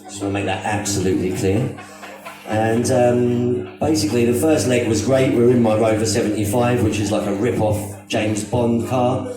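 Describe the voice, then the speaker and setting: A British man on a comedy stage puts on a mock Australian accent as he rambles, mocks himself and swears freely. His voice sits at a middle pitch. It rings through a very echoey room, heard from well away from the mic with music playing behind. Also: fairly even intonation, normal speed, recorded from a distance. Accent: mock Australian over British. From Britain. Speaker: stand-up comedian. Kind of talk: live stand-up comedy. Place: stage at a live comedy show.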